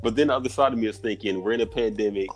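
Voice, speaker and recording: A man in his forties chatting casually, telling a story with lively animation, acting out both sides of conversations and laughing often. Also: lowish voice, very fast, soft background music. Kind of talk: casual chat.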